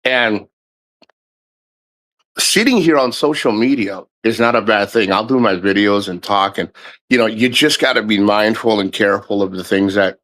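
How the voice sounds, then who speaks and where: A middle-aged man hosts a livestream, rambling candidly at length in a casual monologue and swearing often. His voice is on the low side and a bit bright, at a moderate pace, in a low-quality recording.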